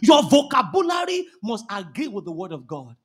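A Nigerian-accented male pastor with a strikingly high voice delivers a fervent sermon. He shouts his key lines and repeats phrases for emphasis. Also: very animated, moderate pace, husky.

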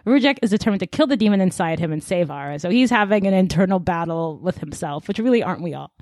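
A woman's voice: fairly low pitch, fast, no room sound, studio quality. A woman co-hosting a casual podcast, recapping a book plot and acting out the characters' lines with a laugh here and there. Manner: animated storytelling, acts out characters' lines, laughs often. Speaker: podcast co-host.

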